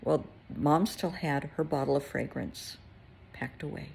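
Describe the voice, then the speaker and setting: Woman therapist chatting through a client story, lots of vocal fry, bit of hiss in the background. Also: low-pitched, unhurried, a little mellow. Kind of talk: casual storytelling to camera.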